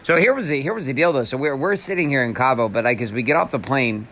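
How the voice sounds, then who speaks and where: A man co-hosts a podcast in an easygoing, conversational manner. He sometimes stumbles a little over his words. His voice sits at a medium pitch. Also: slight background noise. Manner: relaxed, conversational, a little halting. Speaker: podcast co-host. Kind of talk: casual conversation.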